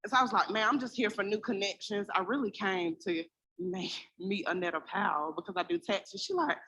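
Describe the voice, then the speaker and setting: A woman from South Carolina with a bright, forceful voice at a middle pitch tells a chatty story to a live crowd. She speaks earnestly and acts out both sides of a conversation. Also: fairly even intonation, fairly quick, slightly rough. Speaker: event attendee. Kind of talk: telling a story to a live audience.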